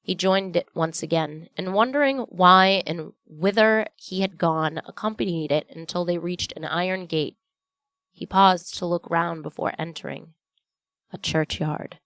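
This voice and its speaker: A woman narrating a classic story aloud in a measured, solemn, deliberate way. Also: lowish voice, fairly bright tone, smooth, dry recording. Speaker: audiobook reader.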